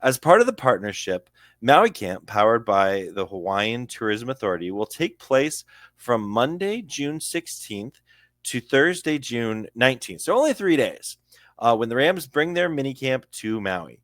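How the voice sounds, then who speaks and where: A young Canadian-accented man talks through a sports news article in a loose, chatty way, tripping over place names and adding asides. His pitch sits in a middle range. The sound is dry and close to the mic. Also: big pitch swings, a little slow, a bit bright, dry recording. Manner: chatty, laughs at own slips, stumbles over names. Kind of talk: casual commentary reading an article aloud.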